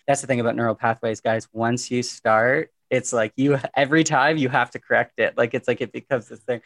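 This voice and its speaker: A man talking as a podcast guest on mental health, casual and animated, joking often and restarting his sentences. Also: mid-range voice, brisk, vocal fry, few pauses. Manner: animated, jokey, lots of fillers and restarts. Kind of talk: casual conversational interview.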